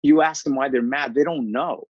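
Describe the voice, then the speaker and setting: A man, a life coach and podcast guest, telling stories in a blunt, animated way and swearing casually. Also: mid-range voice, normal speed, no room sound, highs cut off. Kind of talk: casual interview storytelling.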